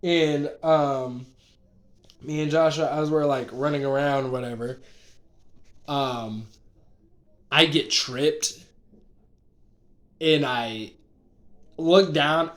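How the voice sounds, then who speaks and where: A man with a fairly high voice tells a story in a casual, rambling way. He gets excited, trips over his words and restarts his sentences often. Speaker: vlogger. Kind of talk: casual storytelling, recounting dreams.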